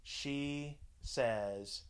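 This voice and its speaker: A man's voice: drawn-out words, slight background noise, poor audio. A man in his forties telling a crude personal story in casual chat, swearing freely. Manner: crude, swears freely, mimics others in higher voices. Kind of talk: casual profane anecdote.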